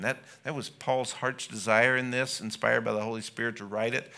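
A man preaching as a pastor, his voice very bright and forceful. He talks earnestly to his congregation and builds to impassioned exclamations. His pitch sits in an ordinary middle range. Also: flat delivery, normal speed, vocal fry, few pauses. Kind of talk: sermon.

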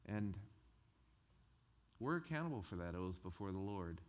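A male pastor who preaches a sermon in a conversational, animated way and chuckles between his points. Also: sits low, normal speed, pauses often.

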